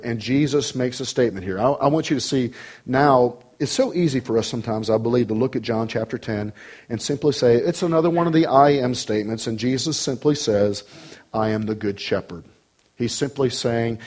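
A man preaching a sermon with emphasis, swinging between loud raised passages and low, quiet ones.

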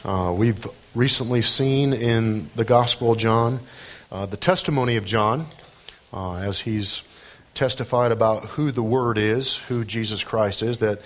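A man preaching a sermon as pastor of his church, earnest and measured. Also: on the low side, a bit bright.

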